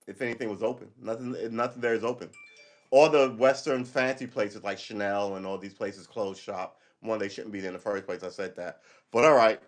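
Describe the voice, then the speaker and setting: A man's voice: fairly low pitch, fairly even intonation, fairly quick. A man hosting a livestream, delivering a rambling, sarcastic political monologue with frequent profanity. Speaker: livestream host.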